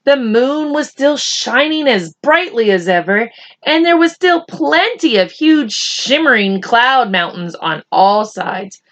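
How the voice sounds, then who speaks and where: Slow, teacherly woman reading to kids. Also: a little high, expressive. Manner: gentle, teacherly, addressing children. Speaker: children's story reader. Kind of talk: read-aloud for kids.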